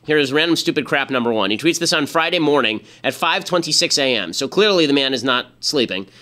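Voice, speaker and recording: A man's voice: medium pitch, expressive, a little fast, sharp tone. A man in his thirties hosting a political commentary show, talking in a sarcastic, exasperated monologue full of rhetorical questions.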